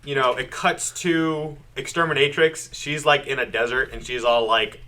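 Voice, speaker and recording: A man co-hosting a casual comic book podcast, recapping the story with lots of laughter and quick acted-out lines from the characters. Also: mid-range voice. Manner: animated, acts out characters' lines in quick voices. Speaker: podcast co-host.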